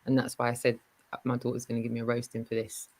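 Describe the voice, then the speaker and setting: A woman hosting a casual livestream chat, giving shout-outs and telling stories with lots of fillers. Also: extremely low pitch, completely flat delivery, fast, low-quality recording. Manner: chatty, warm shout-outs, many fillers. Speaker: livestream host.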